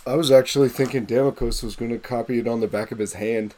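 A man's voice: medium pitch, steady tone, fast, darkish tone. A man joking wryly as a player at a tabletop game. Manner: wry, joking. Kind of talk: casual tabletop play.

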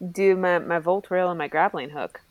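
A woman playing a tabletop game, excitable and giggly, telling her move with animation. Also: lowish voice, unhurried, dry recording. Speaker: player. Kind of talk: casual tabletop play.

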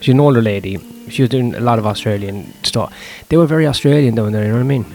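A man's voice: mid-range voice, fast talker, darkish tone. A young man, a stand-up comedian talking through his gigs in a casual, profane, self-deprecating ramble, with faint music behind him. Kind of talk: casual vlog monologue.

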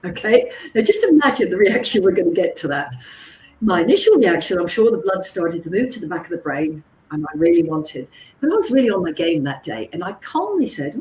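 Lively woman teaching in an echoey room. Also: medium pitch, moderate pace, a little hiss or hum. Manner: lively, animated storyteller who checks in with "okay?". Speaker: psychologist and communications trainer. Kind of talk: teaching talk with anecdotes.

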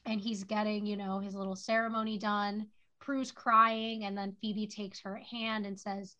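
A woman's voice: medium pitch, steady tone, unhurried, pushed and bright. A woman co-hosting a podcast, recapping a TV episode in casual chat, full of "like" fillers. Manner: chatty, lots of "like" fillers. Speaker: podcast co-host. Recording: dull lo-fi audio.

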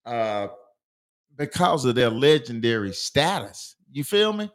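A man co-hosting a casual sports talk show, telling stories in an animated, emotional drawl. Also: mid-range voice, measured pace.

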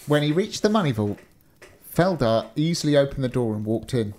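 A man's voice: medium pitch, expressive, brisk, darkish tone. A man reading a story aloud in an easygoing manner, chatting between passages. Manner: easygoing, laughs often. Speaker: storyteller and co-host.

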